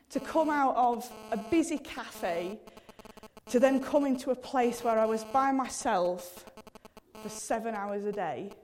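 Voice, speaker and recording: A woman's voice: fairly high pitch, darkish tone, a little hiss or hum. A woman in her thirties preaching a sermon in an earnest, conversational way, often addressing God directly and using casual fillers. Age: 30s.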